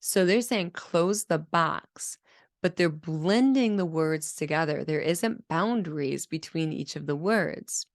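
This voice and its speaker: A woman speech-language pathologist explaining children's speech patterns in a clear, teaching manner and acting out sounds as examples. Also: sits low, lively intonation, measured pace, few pauses, darkish tone, no echo, clean studio sound. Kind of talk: teaching video lesson.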